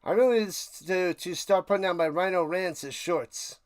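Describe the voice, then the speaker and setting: A man hosting a live football reaction stream, ranting sarcastically and calling plays, swinging between muttering and loud outbursts. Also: high voice, moderate pace, no room sound, clean studio sound. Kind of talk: live sports reaction and play-by-play.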